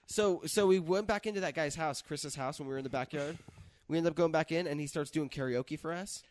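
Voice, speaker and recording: Animated young man telling a story. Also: fairly high pitch, fairly quick. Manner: animated, profane, acts out quotes. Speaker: podcast host. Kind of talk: casual storytelling chat.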